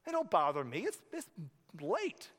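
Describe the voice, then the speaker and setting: A man's voice: sits high, huge pitch swings, unhurried, a bit bright, voice pushed up, exaggerated voice. A preacher voicing a grumpy, sleepy man woken at midnight, irritated and brushing off the caller in a raised voice. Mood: annoyed. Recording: reverberant hall.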